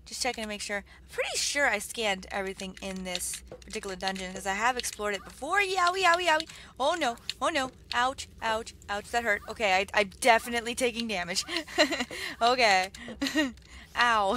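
Bright, bubbly young woman narrating her gameplay, lively swings, faint keyboard clicks behind. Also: on the high side, a little fast, slight background noise. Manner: excitable, gushing, lots of exclamations and laughs. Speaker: let's play host. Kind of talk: gaming commentary. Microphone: budget desktop mic with keyboard clicks.

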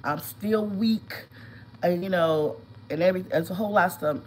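A woman in her fifties, stuffed up and sniffling from a head cold, lies at home telling a long story on a casual live stream and greets viewers by name. Her voice is lowish, her pace moderate, and there is background noise.

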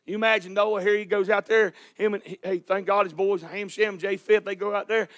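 A man's voice: high voice, steady tone, a little fast, fairly bright tone. A man preaching a sermon as pastor in a church, emphatic and hollering. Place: church sanctuary.

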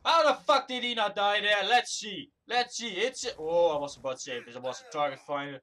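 A man's voice: high voice, expressive, brisk, sharp tone. A man giving angry gameplay commentary, swearing constantly and ranting at other players. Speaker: gamer recording his own play.

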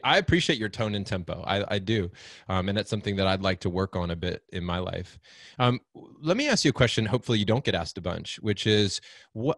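A man hosting a podcast interview, enthusiastic and emotional, reacting warmly and asking questions in an animated way. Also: lowish voice, no room sound, clean studio sound. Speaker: podcast host.

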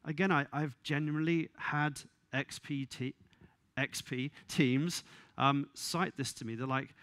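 A man giving a conference talk, wry and exasperated, with quick asides and laughs. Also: mid-range voice, fairly even intonation, a bit bright, no echo. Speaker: conference speaker. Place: conference venue.

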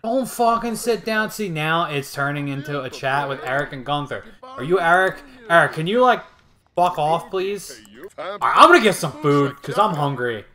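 Excitable, profane young gaming host. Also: male voice, fairly high pitch, normal speed. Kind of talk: casual gameplay commentary.

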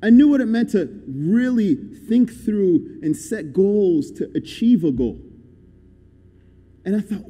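A young man delivers a guest sermon in a friendly, conversational way, encouraging his listeners as he goes. His voice sits a little high yet sounds deeply mellow and soft-edged. The echo of a large church hall trails after his words. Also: animated, slow. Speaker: guest preacher.

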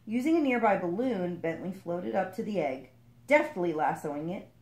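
A woman reading a picture book aloud as a storyteller, expressive and lively. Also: on the low side, normal speed, echoey room.

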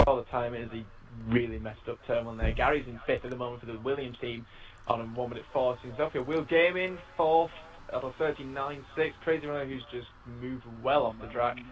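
A man's voice: medium pitch, rough recording. Playful male sim racing commentator. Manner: playful, laughs often, rambling restarts. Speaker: race commentator.

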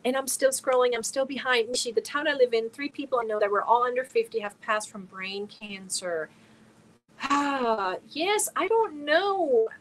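A woman's voice: fairly high pitch, normal speed, low-quality recording. A woman from Germany hosting a casual crochet livestream, talking earnestly and emotionally while reading viewer comments aloud. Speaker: crochet channel host.

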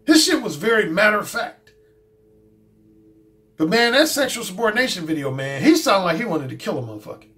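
A man's voice: sits high, sing-song, brisk, long pauses, sharp tone. Blunt, profane man talking. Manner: blunt, profane, repeats himself. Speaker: dating coach and YouTube host. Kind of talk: casual monologue commentary.

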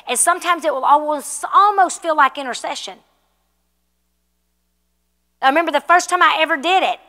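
A woman's voice: high voice, sharp tone, long reverb tail. A woman pastor teaching a church class in a conversational way, often asking the room questions. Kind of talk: sermon teaching. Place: church hall.

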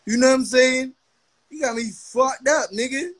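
A man's voice: very high voice, moderate pace, a bit bright, slightly rough. A young man hosting a live stream, brashly mocking and roasting a guest in a swaggering way. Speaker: livestream host. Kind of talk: trash-talking livestream roast.

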